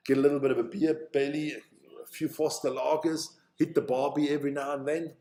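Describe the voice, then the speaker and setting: Here the South African stream host watches rugby and talks casually, thinking aloud and swearing a lot. His voice is fairly high and dark in tone, fairly quick, with little pitch movement.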